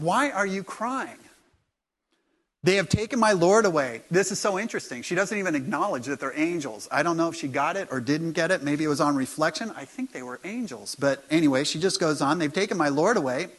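Guy pastor preaching, chatty storyteller, voice a bit on the high side, goes soft and quiet sometimes. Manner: conversational storytelling, dropping to soft intimate tones. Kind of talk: sermon.

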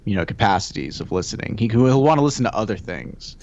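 A man's voice: fairly low pitch, big pitch swings, fast talker, vocal fry, darkish tone, a little hiss or hum. A laid-back man who drifts through his sentences, repeating words as he goes and chuckling along. His voice comes through a slightly dull, lo-fi recording. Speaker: podcast co-host. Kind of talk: casual chat.

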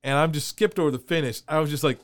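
A man telling a story on a podcast in a casual, animated way, laughing and acting out the voices of people in his anecdotes. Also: on the high side, fast, dry recording. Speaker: wrestling referee telling a story.

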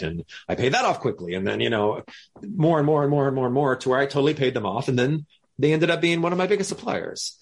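A man's voice: medium pitch, fast talker, slightly rough. A man, a guest entrepreneur, telling a story in an interview and acting out the people in it. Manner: lively, acts out the people in his story.

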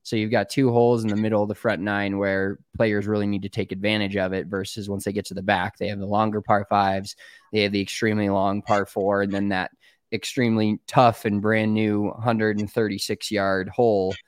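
A man's voice: fairly low pitch, little pitch movement, fairly quick, no room sound, studio quality. A man co-hosting a golf podcast, talking in rambling casual chat with frequent hesitations. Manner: rambling, hesitant, lots of ums.

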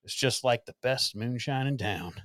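A man's voice: medium pitch, normal speed, a bit bright, dry recording, natural voice. A man reading an ad as a folksy Appalachian mountain man, in close to his own voice with playful emphasis. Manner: reads the ad text aloud with folksy wording and playful emphasis.

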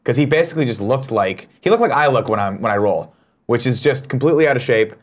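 A man's voice: medium pitch, lively intonation, fast talker. A man co-hosting a casual morning chat show, reading viewer comments and trading profane, joking banter with his co-hosts.

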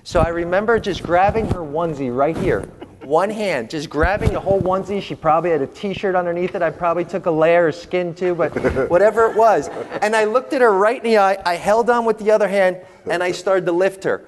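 A man telling humorous, animated parenting stories to an audience as a panel speaker. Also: sits high, brisk, background noise. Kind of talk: storytelling talk to an audience. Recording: long hall reverb.

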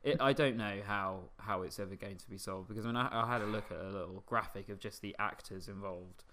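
A man's voice: lowish voice, fast talker, bright, forceful tone, slight background noise. A man co-hosting a casual news podcast, laughing and swearing with sardonic humour. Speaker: podcast co-host.

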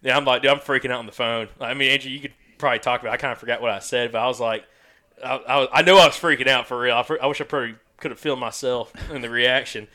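A young man telling a hunting story in a casual podcast chat, animated and excitable, peppering his talk with "dude" and "freaking.". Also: mid-range voice, rapid-fire, no echo.

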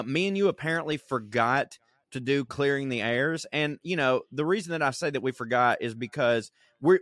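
A man's voice: medium pitch, fairly bright tone, no room sound. A man co-hosting a casual podcast, swearing freely and laughing as he reads out quotes. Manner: crude, laughing storyteller reading quotes aloud. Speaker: podcast co-host.

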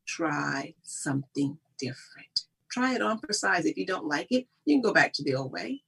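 A woman's voice: mid-range voice, lively intonation, fast, creaky, fairly bright tone, slightly rough. A woman guest giving emphatic, preachy motivational talk in conversation, often laughing. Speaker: guest speaker on personal growth.

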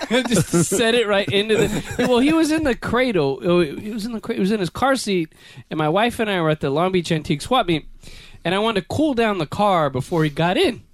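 A man telling stories in casual chat, laughing and acting out voices and yells. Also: high-pitched, fairly quick, no echo. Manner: animated storyteller, laughing, acts out voices and yells.

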